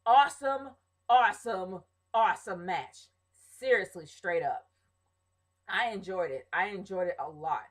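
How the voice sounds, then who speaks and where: A woman's voice: lowish voice, animated, a little slow, a bit bright, slightly rough, rough recording. A woman in her thirties chatting casually to camera, answering viewer questions with opinions, many ums and small restarts. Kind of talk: casual chat.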